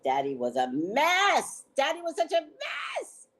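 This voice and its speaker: A woman hosting a casual chat, telling a story at an unhurried pace. Her pitch swoops widely as she laughs and checks in with "right?", and her talk is frank and salty. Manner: animated, laughing, keeps checking in with 'right?'. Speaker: host.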